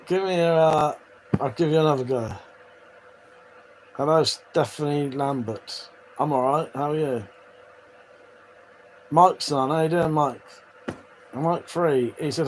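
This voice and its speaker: On his livestream, a man with a fairly high-pitched voice casually talks, swears often, and laughs while going through viewer comments. It's a low-quality recording carrying a little hiss or hum.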